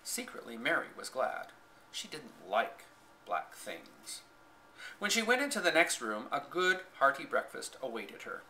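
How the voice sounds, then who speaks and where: Expressive male audiobook narrator. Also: medium pitch, measured pace, slight background noise, rough recording. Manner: expressive storytelling, voicing characters. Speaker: audiobook reader. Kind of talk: scripted narration.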